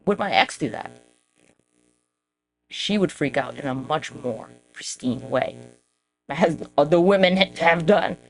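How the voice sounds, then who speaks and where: A woman's voice: low voice, animated, slow pace, creaky, long pauses, a little hiss or hum. A woman hosting her own podcast, rambling in a casual, profane, self-mocking monologue aimed straight at her viewers. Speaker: podcast host.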